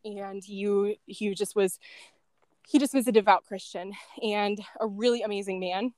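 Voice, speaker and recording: A woman's voice: mid-range voice, fairly even intonation, a little slow, darkish tone, no echo. A woman being interviewed, telling a story casually, with lots of "like" and "um" and small laughs between thoughts. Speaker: guest, former end-of-life caregiver.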